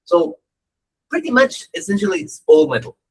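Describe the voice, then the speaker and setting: In this poor-quality recording, a man with a high, husky voice and some vocal fry speaks at a moderate pace. He's a dharma teacher delivering a humorous, conversational talk, telling stories with animated jokes and a frequent "right?".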